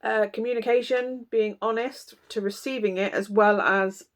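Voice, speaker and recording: A woman's voice: on the high side, steady tone, moderate pace. A woman giving a casual tarot reading, talking bluntly and chattily with lots of fillers. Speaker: tarot reader.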